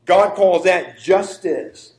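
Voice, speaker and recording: Guy preaching w/ a high voice, punches his words, echoey church sound. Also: animated, slow, darkish tone. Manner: emphatic preaching with stressed words and call-and-response. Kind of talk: sermon.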